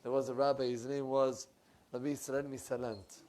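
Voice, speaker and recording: A middle-aged male rabbi preaching a sermon in a synagogue, animated and emphatic, swinging from loud to soft. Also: mid-range voice, fairly quick.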